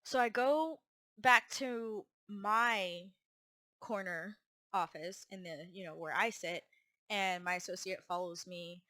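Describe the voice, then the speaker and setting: A woman's voice: medium pitch, takes it slowly, sharp tone. A woman vlogger telling a personal story in a rambling way, with restarts and acted-out quotes.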